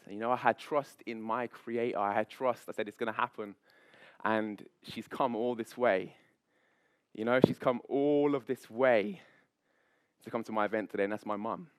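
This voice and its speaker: A man, a public speaking coach, leading a live seminar on stage with high energy, playful banter and frequent laughs. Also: steady tone, moderate pace, smooth, dry recording, clean studio sound. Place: event stage before an audience.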